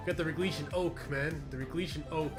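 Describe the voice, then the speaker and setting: A man's voice: a little high, steady tone, moderate pace, music in the background. A man streaming a sim race, chatting and joking with viewers while he drives. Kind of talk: casual live-stream chat while racing.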